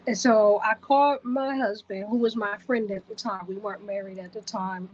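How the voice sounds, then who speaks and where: A woman's voice: mid-range voice, fairly even intonation, moderate pace, darkish tone, dull audio, slight background noise. A woman vlogger telling a personal story to the camera, vivid and repetitive in her retelling.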